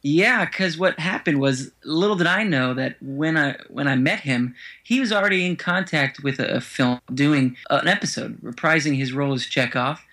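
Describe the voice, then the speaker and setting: A man's voice: fairly high pitch, moderate pace, hardly any pauses, bright, forceful tone. A man, an actor guest on a podcast, telling stories in a chatty way and laughing easily. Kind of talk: casual podcast interview.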